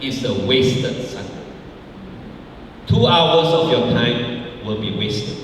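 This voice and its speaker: A man's voice: mid-range voice, animated, takes it slowly, long pauses, slight background noise. Emphatic preacher man in echoey hall. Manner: emphatic, repeats key phrases. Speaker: pastor. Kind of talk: sermon. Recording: echoey hall, mic far off.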